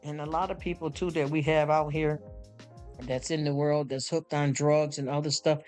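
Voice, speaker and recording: Stream host, male, AAVE speech, emotional and sympathetic, higher-pitched voice, faint music underneath. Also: flat delivery, moderate pace. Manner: emotional, sympathetic, repeats himself with many restarts. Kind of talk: casual live stream chat. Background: soft background music.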